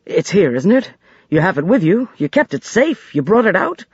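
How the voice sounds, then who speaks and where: A man's voice: high voice, big pitch swings, normal speed, husky, dry recording, lo-fi sound, voice pushed up, heavily acted. A man voicing an impatient, bitter man who demands answers urgently in an audiobook. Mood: demanding. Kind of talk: audiobook character voice.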